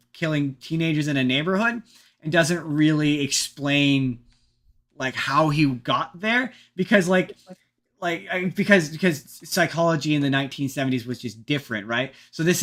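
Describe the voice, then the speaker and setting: A man hosting a podcast in casual chat, rambling and animated, with frequent restarts and casual swearing. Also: on the high side. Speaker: podcast host.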